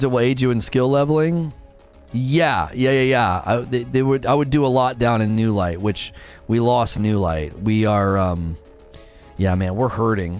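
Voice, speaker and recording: A man in casual live-stream chat while gaming, reading viewer comments aloud and answering them, sometimes talking very fast. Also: lowish voice, a little mellow. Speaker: game streamer.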